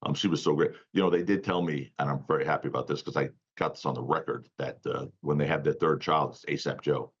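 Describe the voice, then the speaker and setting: A man's voice: extremely low pitch, steady tone, fast, hardly any pauses, breathy edge, dull audio. A male defense attorney, a guest on a talk show, telling a story emphatically and laughing now and then, over a remote call. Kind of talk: animated storytelling interview.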